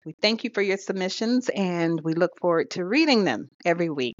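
Here a woman co-hosts a podcast, talkative and often laughing, with hesitant filler words in the casual chat. Her lowish voice moves briskly with lively intonation, and there's no echo. It's a dull lo-fi recording.

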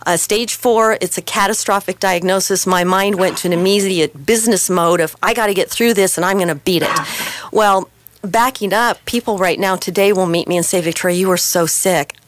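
A woman's voice: mid-range voice, fairly quick. A woman guest in a radio studio, telling her personal story with passion and emotion.

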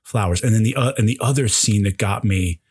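A husky-voiced man in his forties hosts a casual film discussion. He speaks effusively and with open emotion, his sentences tumbling over restarts as his enthusiasm runs ahead of him. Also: fairly low pitch, a little fast, darkish tone. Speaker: podcast host.

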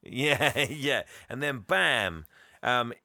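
Man, podcast co-host, rambling and laughing, mid-pitched, dry sound. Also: animated, drawn-out words, vocal fry, bright, forceful tone, no echo. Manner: laughing, rambling storyteller, acts out characters. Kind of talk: casual movie recap chat.

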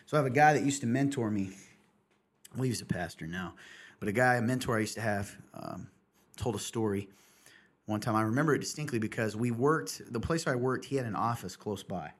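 Husky-voiced man telling a rambling story. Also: mid-range voice, a little fast. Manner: rambling storyteller with many restarts. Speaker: pastor and podcast host. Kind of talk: casual podcast chat.

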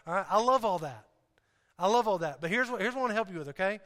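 A man preaching a sermon to a congregation in an animated, joking way, often repeating himself and restarting. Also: sits high, fast talker. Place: church hall. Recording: hall reverb.

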